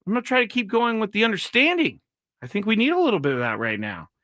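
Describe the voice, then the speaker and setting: A man's voice: high-pitched, very animated, fast talker, pushed and bright, dry recording. A man hosting his own live show, telling a rambling story and reading out viewer comments. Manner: rambling, self-correcting storytelling; reads viewer chat comments aloud. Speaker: show host. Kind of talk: casual live-stream monologue.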